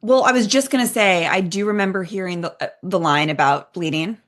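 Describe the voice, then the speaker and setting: A woman's voice: on the low side, fairly quick. A woman guest on a podcast, chatting in a wry, candid way. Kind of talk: casual podcast chat.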